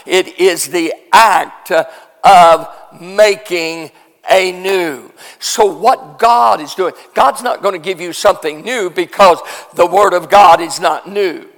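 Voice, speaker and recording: A man preaching a revival sermon as pastor. He moves from quiet teaching to shouted preaching and coaxes the congregation to answer back. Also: high voice, unhurried, long reverb tail. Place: church sanctuary.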